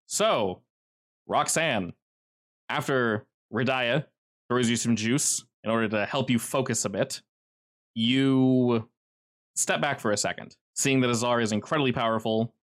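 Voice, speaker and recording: Male game master, mid-pitched, casual and vivid narration with filler words. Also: unhurried.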